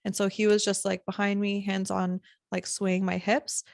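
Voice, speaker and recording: A young woman hosting a podcast, telling a story in a lively, casual way and acting out what people said. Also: mid-range voice, normal speed, gravelly, no echo, studio quality. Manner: animated, acts out quoted lines with laughter. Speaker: podcast host.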